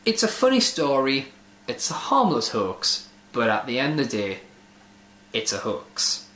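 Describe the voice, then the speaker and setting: A man's voice: medium pitch, huge pitch swings, unhurried, fairly bright tone, a little hiss or hum. A man hosting a casual online video, sardonic and swearing freely as he comments, in an echoey room. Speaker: host.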